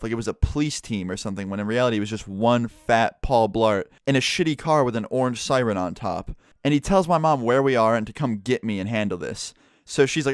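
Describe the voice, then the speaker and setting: A young man telling a story in a blunt, animated way, swearing at times. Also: lowish voice, fast talker, no echo, clean studio sound. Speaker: vlogger. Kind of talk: casual storytime.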